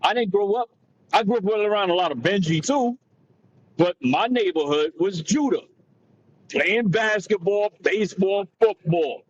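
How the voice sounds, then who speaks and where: A man's voice: sits high, normal speed. A man from Jamaica, raised in America, explaining a point in casual discussion with emphatic repeats and frequent "you understand?". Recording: dull lo-fi sound with faint noise.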